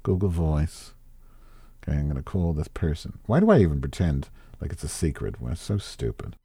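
A man's voice: very deep voice, lively intonation, brisk, mellow, breathy edge, no room sound. A man hosting a podcast, rambling and griping with lots of swearing, then chatting with a caller. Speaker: podcast host. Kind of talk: casual rambling monologue and phone chat.

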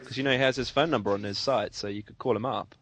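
A man's voice: mid-range voice, quick pace, fairly bright tone, breathy edge. A man on the line in casual chat, chatty and teasing. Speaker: guest on the line.

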